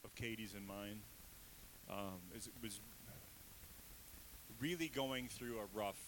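A man's voice: fairly low pitch, takes it slowly, a bit bright, slight background noise, rough recording. A man in his thirties, a pastor giving a conversational sermon with candid, self-deprecating asides. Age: 30s.

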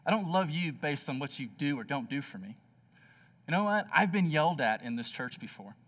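Young male pastor, earnest sermon, chatty fillers, slightly raised pitch, distant mic. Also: animated, brisk, a bit bright. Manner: earnest storytelling with many "like" fillers. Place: church.

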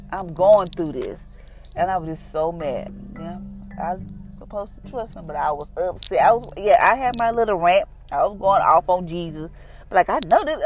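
A woman's voice: on the low side, a little mellow. Mother telling a faith testimony. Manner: conversational, retelling with quoted dialogue, then earnest prayer. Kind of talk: personal testimony and prayer.

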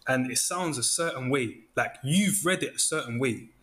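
A man's voice: mid-range voice, normal speed, fairly bright tone. A man chatting casually, acting out his inner thoughts in quoted asides. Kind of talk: casual chat.

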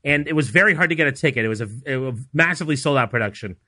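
Bright, lively-voiced joking man. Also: on the high side, no echo, studio quality. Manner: quick jokey asides, playful teasing. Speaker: podcast co-host. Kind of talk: casual chat.

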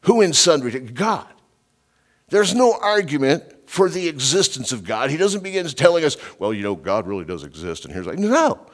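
A man's voice: fairly high pitch, sing-song, normal speed. A middle-aged man preaching an informal verse-by-verse sermon, emphatic and chatty, often slipping in "you know" and stepping off his notes. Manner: conversational, emphatic, digressive, with frequent "you know". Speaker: preacher and radio Bible teacher.

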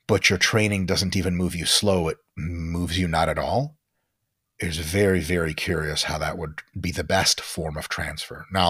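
Husky, low-voiced man explaining bluntly. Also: a bit bright, dry recording, clean studio sound. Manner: blunt, emphatic, sprinkles in profanity; explains in quick, lecturing runs. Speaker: guest expert on training science. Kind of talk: podcast interview talk.

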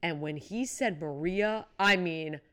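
A woman's voice: fairly low pitch, takes it slowly, fairly bright tone. A young woman co-hosting a casual chat podcast, retelling moments with dramatic exclamations. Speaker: podcast co-host.

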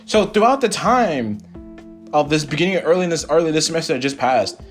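A young man hosting a podcast, telling a personal story in a casual, animated and profane way, acting out what people said. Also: on the high side, brisk, faint music behind. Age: young adult. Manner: animated, profane, quotes people in his own voice. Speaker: podcast host.

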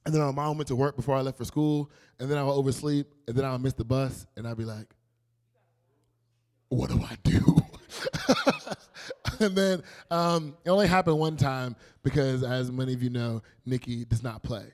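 A young man giving a casual, animated youth sermon, telling stories and acting out quotes. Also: medium pitch, fairly quick. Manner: animated, playful storytelling with acted quotes. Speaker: youth pastor.

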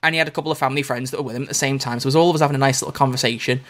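A man co-hosting a podcast in casual chat, rambling and animated. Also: mid-range voice. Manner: rambling, animated, quick talker. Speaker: podcast co-host.

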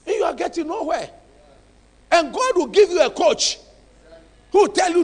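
Male pastor; high, animated delivery; emphatic, hushed to shouting. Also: brisk, long pauses, long reverb tail. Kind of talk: sermon.

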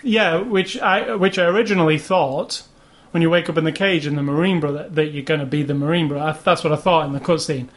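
A man's voice: fairly high pitch, quick pace. Rambling man chatting about games. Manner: rambling, with many restarts and fillers. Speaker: podcast co-host. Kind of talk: casual chat about video games.

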